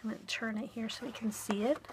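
A woman's voice: fairly high pitch, fairly even intonation, fast, slight background noise. Woman, middle-aged, casual craft vlogger, chatty, describing paper pads as she flips through. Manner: chatty, describes items as she shows them. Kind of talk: casual haul and flip-through narration.

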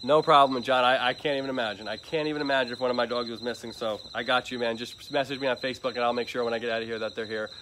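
A man's voice: mid-range voice, steady tone, very fast, few pauses, noisy background. A man from Florida chatting on a live stream outdoors at an animal shelter at night, upbeat and repeating himself, with crickets and barking dogs behind. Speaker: livestreaming animal shelter advocate. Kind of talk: casual live-stream chat.

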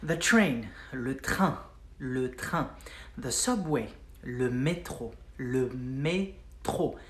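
Teacher for a pronunciation drill, very slow and deliberate, mid-pitched, roomy echo. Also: lively intonation, fairly bright tone. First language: French. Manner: drills words slowly, repeating each several times. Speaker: French teacher. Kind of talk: pronunciation lesson.

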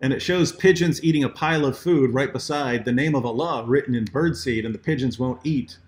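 A man hosting a live discussion, telling stories in an animated way with many restarts. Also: mid-range voice, fairly quick. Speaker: apologetics show host.

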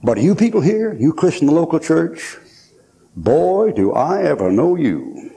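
Folksy, lively older man preaching. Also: fairly high pitch, measured pace, gravelly. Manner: folksy, joking storyteller, laughs often. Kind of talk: sermon at a conference.

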